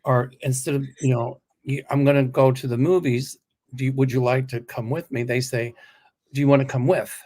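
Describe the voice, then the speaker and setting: A man's voice: medium pitch, flat delivery, normal speed, a little mellow. A man from the American South talking in a casual political chat, opinionated and chatty, thinking aloud.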